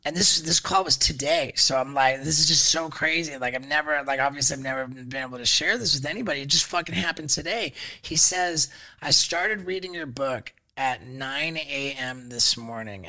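Man with a sharp, tense voice. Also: mid-range voice. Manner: halting, stacks fillers and restarts; swears freely. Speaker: podcast guest. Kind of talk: casual storytelling.

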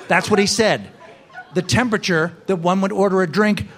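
A man doing a stand-up set, his voice sitting a touch high. He rants profanely about everyday annoyances and pushes the bits into shouting. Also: fairly quick, a faint crowd. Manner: profane ranting, builds to shouting. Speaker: stand-up comedian.

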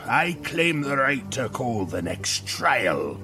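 Audio drama casting: a slow, gravel-voiced, menacing pirate captain over music. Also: male voice, mid-range voice, sing-song. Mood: stern. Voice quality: gravelly, roaring. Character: menacing old male sea captain, enraged. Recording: music score underneath.

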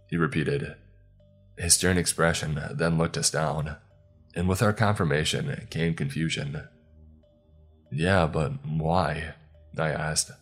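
A man narrating a scripted first-person horror story in a calm, steady way. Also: very deep voice, slightly rough.

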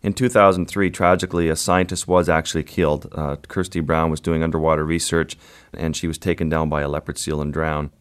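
Low-voiced man telling a wild story. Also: level tone, clean tone. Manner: halting, vivid storytelling with pauses and fillers. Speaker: photographer guest. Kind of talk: recounting a story in an interview.

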